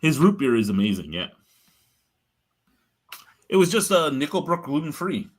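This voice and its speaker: A man's voice: fairly high pitch, very animated, normal speed. A middle-aged man hosting a beer review show, telling stories in a blunt, profane, rambling way. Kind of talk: casual storytelling chat.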